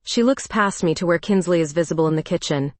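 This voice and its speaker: A woman narrating a first-person romance story in a calm, even storytelling voice. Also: lowish voice, fast, dry recording.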